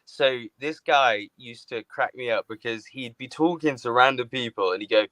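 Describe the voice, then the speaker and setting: A man's voice: mid-range voice, normal speed, few pauses, sharp tone, dry recording. A man on a video call chatting casually on a live stream, laughing often, swearing freely and slipping into impressions. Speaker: guest, fellow channel host.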